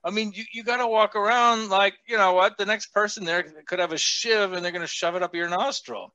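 A man hosting a podcast chat, talking high and bright with big swoops in pitch. He swears freely, laughs a lot and acts out the people he quotes. The sound is dry and a touch dull. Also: a little fast, no echo. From a big US city. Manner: animated, profane, laughs often, acts out quotes. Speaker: podcast host.

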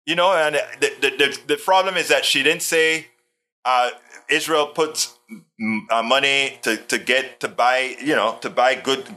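A man's voice: medium pitch, bright, forceful tone. A man hosting a livestream, reading viewer comments aloud and answering them in emphatic, casual political commentary, often repeating himself. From Hawaii.

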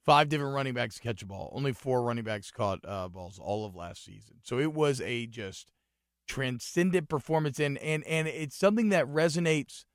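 Casting: male sports podcast co-host, mid-pitched, dry close sound, animated and loud when excited. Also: moderate pace, dry recording. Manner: animated, rising to excited shouting. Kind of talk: casual sports talk.

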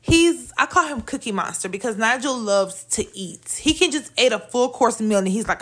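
A woman in her thirties hosting a solo podcast, talking candidly and in a chatty, animated way. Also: on the high side, normal speed, few pauses. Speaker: podcast host. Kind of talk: casual solo podcast talk.

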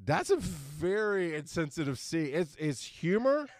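A man's voice: a little high, very animated, unhurried, no room sound, studio quality. A middle-aged man co-hosting a casual podcast chat, rambling and stumbling over words. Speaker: podcast co-host.

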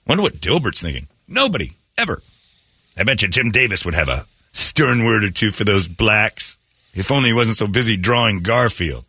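A man's voice: lowish voice, bright, forceful tone, husky, dry recording, studio quality. A man in his fifties hosting a talk show, joking loosely and laughing often as he banters. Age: 50s. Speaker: radio show host.

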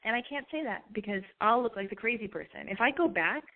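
A woman's voice: fairly high pitch, lively intonation, quick pace. A woman hosting her own show, telling a rambling, profane, self-mocking story in casual chat. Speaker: podcast host. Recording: tinny phone-like line.

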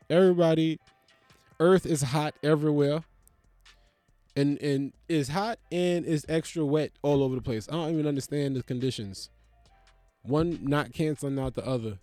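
A man on a comedic monologue, swearing freely and sounding incredulous as he rants. His voice sits somewhat high for a man and keeps jumping up in pitch. The sound is dry and close, with faint music underneath. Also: dry recording. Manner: profane, animated, incredulous.

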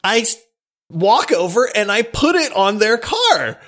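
A man from Louisiana tells a story in casual podcast chat. He laughs along and acts out the quotes loudly. His voice sits a bit high and moves around a lot. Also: very animated, unhurried, a little hiss or hum.

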